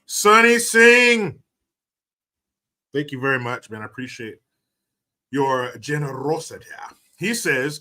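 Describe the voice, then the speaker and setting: Bright-voiced sarcastic male streamer. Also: on the high side, animated, takes it slowly, pauses often. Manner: sarcastic, mocking rants with profanity. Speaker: livestream host reading donations. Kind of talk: casual livestream commentary.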